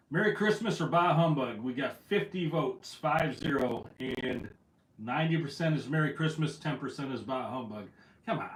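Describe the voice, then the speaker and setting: A man hosting a casual fishing livestream from home, a little out of breath, greeting viewers by name. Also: fairly high pitch. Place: at home indoors. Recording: roomy echo.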